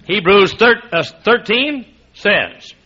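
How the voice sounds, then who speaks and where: A man preaching a sermon as pastor, animated and laughing, often restarting his sentences, on a dull lo-fi recording. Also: high voice, slow, slightly rough.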